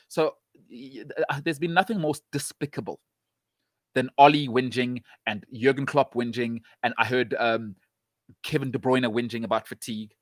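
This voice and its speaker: A man's voice: medium pitch, a bit bright, no echo, clean studio sound. A man hosting a show, talking football in an emphatic, sarcastic way and hammering his points home with repetition. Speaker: show host. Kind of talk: opinionated football talk.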